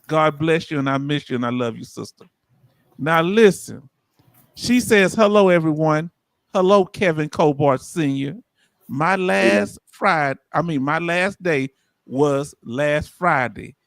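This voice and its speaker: A man with a Southern US accent hosting a casual livestream, reading viewer comments aloud in a lively, folksy way. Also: fairly high pitch, a little slow, vocal fry, no room sound. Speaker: livestream host.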